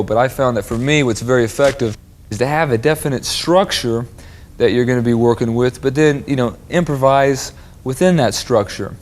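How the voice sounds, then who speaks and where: A drum instructor with a medium-pitched voice gives a lesson on soloing and accent patterns. He explains things in a relaxed way and uses a lot of filler words.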